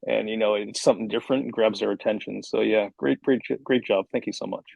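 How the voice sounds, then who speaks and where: A man with a gravelly, creaky voice speaks on a psychology panel, recorded dry with almost no room sound. He sounds encouraging and repeats his words as he explains. His pitch sits in the middle range. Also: steady tone, fast, darkish tone, no room sound, poor audio. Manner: encouraging, repeats words, then quotes himself. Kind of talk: casual discussion.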